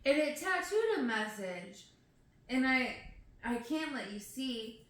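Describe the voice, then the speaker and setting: Woman reading poems real slow, kinda high voice, laughs at her own flubs, super echoey room. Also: sing-song. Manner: giggly, self-deprecating, stumbles over hard words. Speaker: poetry reader. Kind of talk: casual poem reading with chatty asides.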